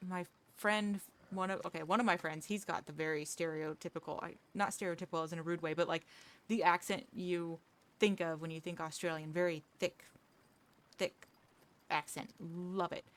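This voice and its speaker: A woman talks loosely with her viewers as she plays. Her voice sits a little low. She rambles, restarts her sentences and laughs easily. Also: steady tone, brisk. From United States. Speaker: livestreamer. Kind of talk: casual chat with viewers while gaming.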